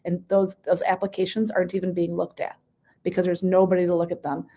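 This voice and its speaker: A woman's voice: lowish voice, level tone, fairly quick, mellow. Earnest woman, plainspoken radio guest. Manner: earnest, plainspoken, some restarts. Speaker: state senator, radio guest. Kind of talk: casual radio interview.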